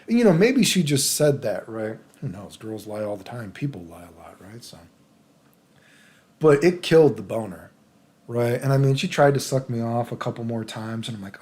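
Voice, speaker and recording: A man's voice: medium pitch, animated, moderate pace, a little mellow. A man from the United States telling a story in a casual vlog, rambling and crude, peppering his talk with "dude" and "right?".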